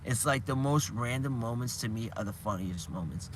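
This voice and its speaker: A man's voice: medium pitch, animated, moderate pace, a little hiss or hum. A man chatting casually on a live stream, rambling and restarting his sentences, chuckling now and then. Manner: rambling, restarts often, chuckles while retelling scenes.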